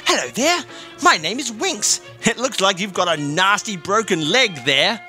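A chirpy, naive little boy piping up in a bright, high voice, as a man puts him on. He sounds eager and lively, bouncing up and down in pitch. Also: moderate pace, soft background music, exaggerated voice. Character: brave little boy patient, cheerful and naive.

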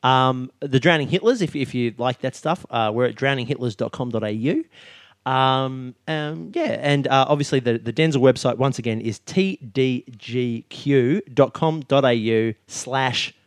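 A man hosts a podcast in loose, rambling chat, full of hesitations and the odd swear. His voice is gravelly with plenty of fry, recorded dry and close. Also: mid-range voice, normal speed, no echo. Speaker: podcast host. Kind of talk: casual chat.

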